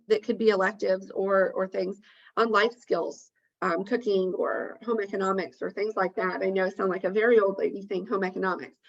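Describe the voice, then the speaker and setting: A woman's voice: mid-range voice, gravelly, dull audio. A woman presenting on a webinar, talking through a list of points in an earnest way with frequent ums. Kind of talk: informational webinar talk. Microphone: video call.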